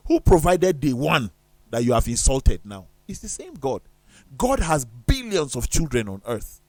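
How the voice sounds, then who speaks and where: A man's voice: mid-range voice, sing-song, measured pace, no room sound. A man talking on a studio discussion show in an emphatic, preacherly way, firing off rhetorical questions.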